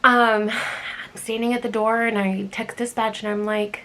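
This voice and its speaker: A woman, an emergency medical worker, casually retelling a night shift with many ums and animated delivery. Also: fairly high pitch, unhurried. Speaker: EMT telling a work story. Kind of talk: casual storytelling.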